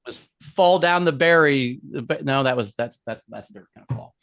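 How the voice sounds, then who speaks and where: Fast-talking teasing man. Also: mid-range voice, fairly bright tone, no room sound. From Indiana. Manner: teasing, stammering restarts. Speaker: podcast co-host. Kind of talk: casual comedic chat.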